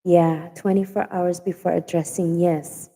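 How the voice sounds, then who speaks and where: A woman's voice: lowish voice, steady tone, unhurried, warm tone, in a large hall, low-quality recording. A woman with a Hawaiian Pidgin accent chatting casually on a livestream, repeating herself for emphasis. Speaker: livestream host. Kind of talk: casual chat.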